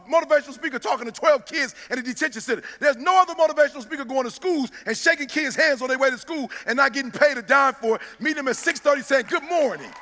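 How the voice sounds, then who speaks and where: A middle-aged man giving a preacher-like motivational speech in a large hall. He pushes key lines with emphasis, shouting some and drawing others out in a sing-song cadence. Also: very high-pitched. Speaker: motivational speaker. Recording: long reverb of a large hall.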